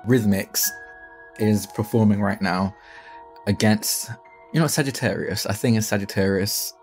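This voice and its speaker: A man's voice: on the low side, unhurried, darkish tone, soft background music. A man playing a tabletop game, casually describing his character's scene. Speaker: player.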